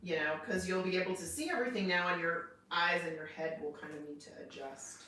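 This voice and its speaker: A woman co-hosting a livestream, reading viewer comments aloud quickly and excitedly. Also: on the low side, distant mic. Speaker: livestream co-host reading chat. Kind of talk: casual livestream chat. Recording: roomy, from off mic, faint noise.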